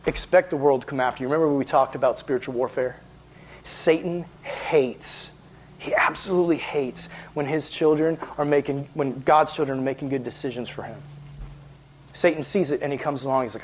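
A man preaching as a youth pastor in a casual, animated, conversational way, with lots of filler words. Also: medium pitch, brisk, a little hiss or hum, poor audio. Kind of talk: casual sermon.

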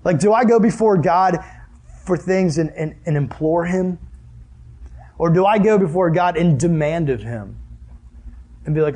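A young man preaches with a slightly husky, fairly high voice. His tone is earnest and conversational, and he poses rhetorical questions to the congregation. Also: lively intonation, a little slow, long pauses, dark tone. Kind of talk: sermon.

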